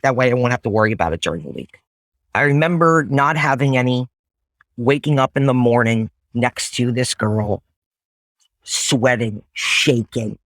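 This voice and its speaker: A young man recounts his past to a support group in a candid, blunt voice of middle pitch. He slips into lively voices for the people in his story and swears casually. The sound is close and dry. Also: no echo. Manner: animated storytelling, acting out past conversations. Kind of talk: candid personal testimony in a group.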